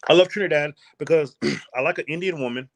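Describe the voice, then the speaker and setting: A man from the United States, a podcast guest and travel vlogger, talking in a casual interview with boastful, animated, slangy storytelling. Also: fairly high pitch, a little fast, gravelly, no echo.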